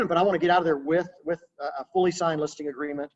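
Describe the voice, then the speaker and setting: A man coaching real estate agents in a relaxed, conversational webinar talk over a video call. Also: on the high side, fast, lo-fi sound. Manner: casual, conversational, practical coaching.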